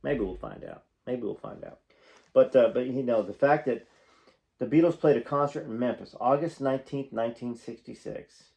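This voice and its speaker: A man's voice: medium pitch, normal speed, vocal fry, dark tone. Man reading aloud, chatty asides. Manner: breaks off to comment, folksy and conversational. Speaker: channel host reading a book aloud.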